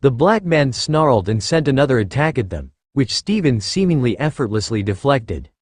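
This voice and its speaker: A man narrating a fan fiction story in a steady reading voice. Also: medium pitch, normal speed, dry recording, studio quality.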